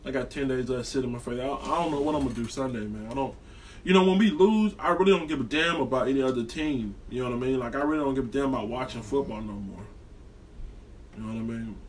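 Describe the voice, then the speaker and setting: A man's voice: mid-range voice, fast, far from the mic, slight background noise. A man delivering a heated, profane, rambling sports rant as a fan vlogger.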